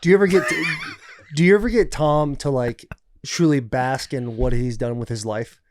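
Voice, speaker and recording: A podcast host chatting casually with a guest, laughing easily and asking reflective questions. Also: male voice, mid-range voice, moderate pace, dry recording.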